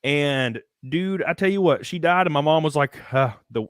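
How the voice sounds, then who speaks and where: A man's voice: on the high side, big pitch swings, normal speed, a bit bright, dry recording, studio quality. A man chatting as a guest, telling candid, profane family stories in a laid-back way. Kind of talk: casual chat among friends.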